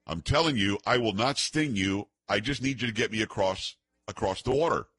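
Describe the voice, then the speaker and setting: A sly, wheedling scorpion, as a male radio host puts him on while retelling a fable. Husky and bright-edged, coaxing with a blunt streak underneath. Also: lowish voice, moderate pace.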